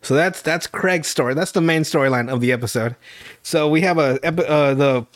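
A young man with a somewhat high voice rambles through a TV recap, swearing freely and laughing as he goes. He restarts sentences over and over, talking casually to a friend as podcast host. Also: brisk. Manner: rambling, profane, laughs often, many restarts. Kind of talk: casual chat.

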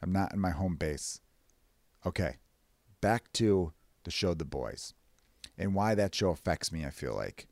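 A man hosting a podcast, rambling casually and profanely, short of breath and jumping into high mock voices. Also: unhurried, gravelly, long pauses, no room sound, studio quality. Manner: profane, rambling, animated bursts into high-pitched mimicry. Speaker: podcast host. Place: away from his usual recording space.

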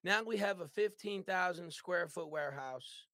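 A man telling his comeback story as a podcast guest, voice high and bright for a man. He talks in lively bursts, tagging nearly every line with a quick "right?" The sound is close and dry, with no room around it. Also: dry recording. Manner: animated, tags lines with "right?". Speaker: business owner guest. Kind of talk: storytelling in an interview.

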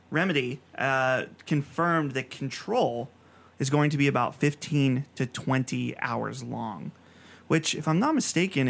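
Male podcast host, gravelly, casual and chatty while reading news items. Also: mid-range voice, a bit bright. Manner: reads news items rapid fire, chatty. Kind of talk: casual chat.

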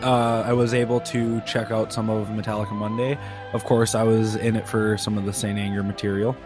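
A man's voice: lowish voice, flat delivery, a little fast, music in the background. A man from Minnesota co-hosting a podcast, chatting casually and knowledgeably. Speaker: podcast co-host. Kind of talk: casual chat.

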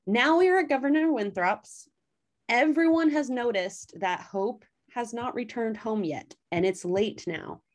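A woman casually recapping a story as a podcast host, chatty, animated and fond of swearing. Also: fairly low pitch.

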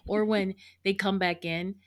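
A woman's voice: mid-range voice, steady tone, a little slow. A woman co-hosting a podcast, chatting casually with rambling restarts and easy laughter. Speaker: podcast co-host.

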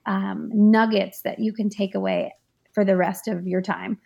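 A woman, a guest author and life coach, explaining ideas in a relaxed, practical interview style with frequent fillers. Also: medium pitch, a little slow, creaky, lo-fi sound. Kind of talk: conversational interview.

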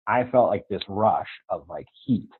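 A man's voice: lowish voice, normal speed, narrow, tinny audio, slight background noise. A man telling the story of his life in an interview, earnestly acting out the dialogue and asking "right?" again and again. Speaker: guest.

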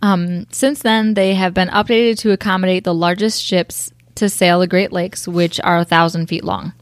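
A young woman with a lowish voice co-hosts a chatty podcast. She tells a history story with jokes and laughter along the way. The recording is dry and close. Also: steady tone, moderate pace, no room sound. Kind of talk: casual chat.

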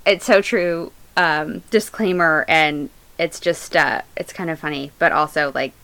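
A woman's voice: sits low, steady tone, a little slow, creaky, fairly bright tone, poor audio. Chatty woman co-hosting a podcast. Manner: chatty, rambling with many fillers and restarts. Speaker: podcast co-host. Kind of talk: casual chat.

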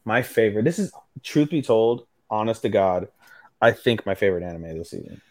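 A man's voice: lowish voice, lively intonation, a little fast, no echo, clean studio sound. A man co-hosting an anime podcast, chatting casually and acting out characters' lines as he retells scenes. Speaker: podcast co-host. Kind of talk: casual anime recap chat.

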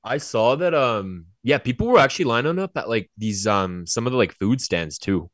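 A man's voice: medium pitch, expressive, normal speed, dry recording, clean studio sound. A young man co-hosting a podcast, telling stories in a loose, rambling way with lots of fillers. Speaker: podcast co-host. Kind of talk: casual chat.

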